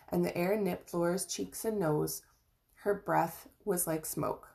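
Woman storybook reader, lowish pitch with gravelly fry, calm and steady read-aloud pace. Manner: gentle, even reading with small slips and restarts. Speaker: reader of an audiobook chapter.

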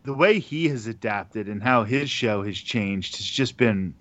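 A man who works in radio, a guest in a casual interview, telling stories in a relaxed way and laughing between points. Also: lowish voice, unhurried, no echo, highs cut off.

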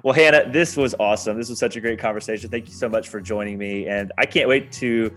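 Young guy podcast host, upbeat chatty, talks quick, music going under him. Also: on the low side, fairly bright tone. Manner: upbeat, laughs often, says "like" a lot. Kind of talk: casual interview chat and outro. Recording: music bed behind the voice.

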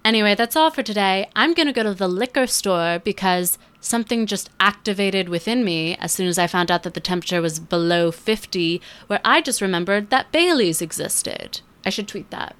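Brief: woman in her 20s, podcast host, casual sarcastic chat, smooth clear tone. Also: medium pitch, lively intonation, fairly bright tone. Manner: chatty, sarcastic, puts on quick voices for others. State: feels she is losing her voice.

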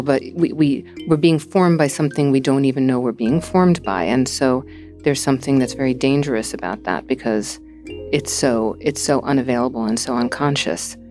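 Very low-voiced woman hosting. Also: a little mellow. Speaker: podcast host. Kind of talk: reflective interview and narration.

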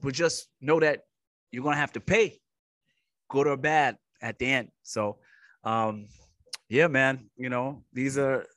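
A man co-hosting a casual faith podcast, backing up his partner with quick interjections of agreement. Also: medium pitch, a bit bright, no echo, studio quality. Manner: affirming interjections, calls out "facts". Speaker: podcast co-host.

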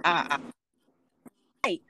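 A woman's voice: slow, pushed and bright, slight background noise, poor audio. A young woman with a New York accent, chatting casually in heavy slang and swearing freely as she tells stories. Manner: slangy, swears freely, says "you feel me". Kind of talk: casual chat.

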